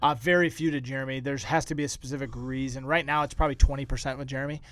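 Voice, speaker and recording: A man co-hosting a podcast, chatting casually and quickly explaining how he runs his shop. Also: mid-range voice, steady tone, a bit bright. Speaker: podcast co-host, card shop owner. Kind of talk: casual chat.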